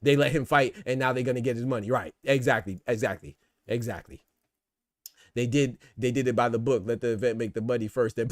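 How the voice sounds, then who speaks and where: A man hosting a podcast, riffing in casual, animated commentary full of rhetorical asides and swearing. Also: medium pitch, brisk, no room sound, clean studio sound. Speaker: podcast host. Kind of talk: casual boxing and politics commentary.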